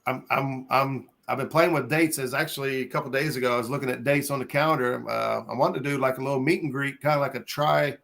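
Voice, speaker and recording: A man's voice: mid-range voice, steady tone, quick pace, gravelly, hardly any pauses, a bit bright. A man from Ohio hosting a casual fishing live stream chat, rambling with lots of ums and uhs and chuckling between thoughts. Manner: rambling, hesitant, lots of fillers. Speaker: host.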